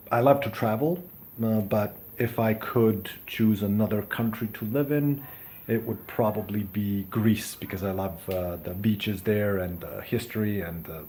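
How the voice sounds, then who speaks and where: A young man from Serbia talks through a relaxed live stream, slow and unhurried, his voice pitched a little low. He stops and restarts often, thanking viewers warmly as he goes. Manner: hesitant, many ums and restarts. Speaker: livestream host. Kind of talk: casual live chat reading viewer comments.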